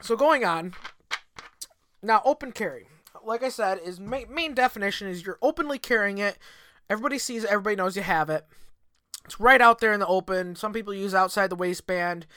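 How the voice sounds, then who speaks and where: A man with a bright, sharp voice hosts his own podcast alone, cursing freely as he rambles and hammers his points home. The sound is dry and close on a desk mic, with no room around it. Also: high voice, fairly quick, no room sound. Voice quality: profane, rambling, emphatic. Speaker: podcast host. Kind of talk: solo podcast monologue. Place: home in Michigan.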